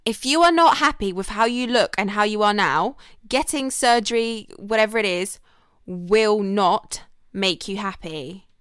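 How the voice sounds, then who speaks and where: Podcast co-host, young woman, smooth tone, close dry sound, frank and chatty. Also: mid-range voice, measured pace, hardly any pauses, a bit bright, dry recording. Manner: candid, chatty, fillers like "like". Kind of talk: casual podcast chat.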